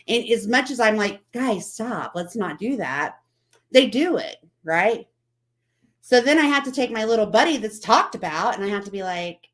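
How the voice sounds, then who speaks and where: A woman's voice: medium pitch, expressive, unhurried, fairly bright tone. A woman hosting a casual motivational talk, chatting and repeating herself as she quotes other people. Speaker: vlog host.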